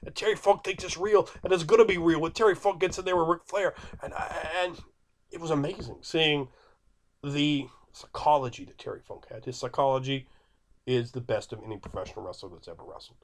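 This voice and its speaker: A little high and fairly quick, the voice belongs to a video creator in his thirties. He hammers home his opinions emphatically, repeating himself and quarreling with an imagined viewer.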